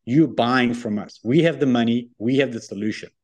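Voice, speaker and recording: A middle-aged man who founded a wealth firm appears as a guest in a casual interview, telling anecdotes briskly and confidently. His voice is medium-pitched and a little mellow.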